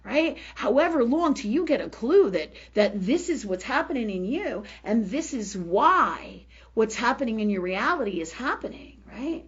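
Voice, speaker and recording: A woman's voice: on the high side, very animated, normal speed, breathy edge, muffled recording. A woman hosting a spiritual health show, speaking bluntly with plenty of profanity, laughing often, and slipping into repetitive healing prayers. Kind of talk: candid spiritual talk on a live show.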